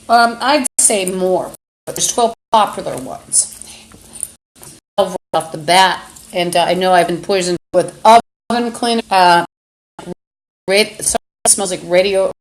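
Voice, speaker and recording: A woman host rambling in a live-stream monologue into a phone camera, halting with many fillers and breaking into angry, insulting outbursts. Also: medium pitch, poor audio.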